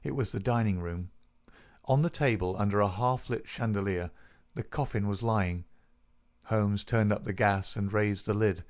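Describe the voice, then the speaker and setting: A man narrating a classic detective story as an audiobook, measured and even. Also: lowish voice. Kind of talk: scripted narration.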